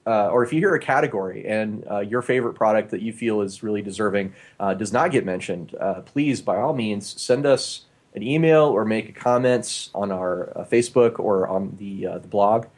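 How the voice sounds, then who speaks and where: A man's voice: lowish voice, moderate pace, hardly any pauses, darkish tone. A man co-hosting a casual podcast, rambling with lots of filler words and restarts, on a studio microphone in a small home studio. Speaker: podcast co-host. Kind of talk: casual chat. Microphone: new studio microphone.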